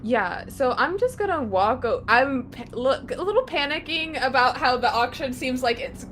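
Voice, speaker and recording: A woman playing a tabletop game, excitable and laughing, with hesitant restarts. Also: high-pitched, normal speed, slight background noise. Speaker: player.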